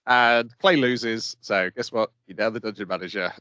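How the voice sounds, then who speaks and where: A man co-hosting an anime podcast who walks through story setups in a measured, matter-of-fact way. His voice sits somewhat low, and the recording is dry with no room sound. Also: bright, forceful tone, no room sound. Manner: measured plot summaries with frequent "yes" agreement. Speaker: podcast co-host. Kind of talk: casual chat recapping anime plots.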